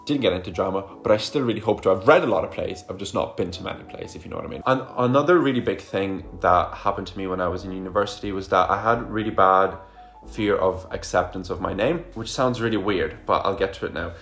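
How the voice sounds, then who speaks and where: A man's voice: low-pitched, quick pace, a bit bright, soft background music. A young man, chatting casually through a storytime vlog, full of fillers and asides. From Ireland. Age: young adult. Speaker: vlogger.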